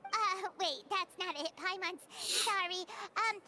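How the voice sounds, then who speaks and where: A woman voicing a small, chirpy female fairy companion who talks in a bubbly, excitable way. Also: very high-pitched, slow, a loud crowd. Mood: chatty.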